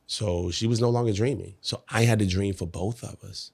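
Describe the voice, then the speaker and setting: A man guesting on a podcast, telling a personal story in an animated way and acting out the quotes. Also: lowish voice, moderate pace, gravelly, few pauses, husky. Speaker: podcast guest, network marketer. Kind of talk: conversational storytelling.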